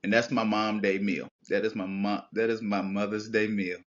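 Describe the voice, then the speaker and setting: A man guest on a podcast, telling childhood stories in a casual, heartfelt conversation, reflective and animated by turns. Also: fairly low pitch, normal speed, highs cut off. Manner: storytelling, reflective, animated when recalling childhood.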